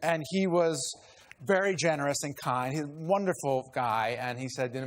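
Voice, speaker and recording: A man as an interview guest, telling a casual anecdote with self-deprecating chuckles and halting restarts. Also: fairly high pitch. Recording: noisy broadcast clip.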